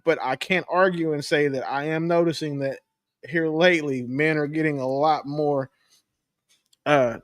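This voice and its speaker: A man with a slightly high voice talks through his views in a casual podcast chat. He is thoughtful and a little halting. The sound is dry and close. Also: fairly even intonation, dry recording. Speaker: podcast co-host.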